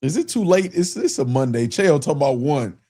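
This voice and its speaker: A man's voice: a little high, very animated, brisk, warm tone, breathy edge. Laid-back man chatting on a livestream. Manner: loose, repetitive, talks to chat, laughs often. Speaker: livestream host. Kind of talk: casual livestream chat.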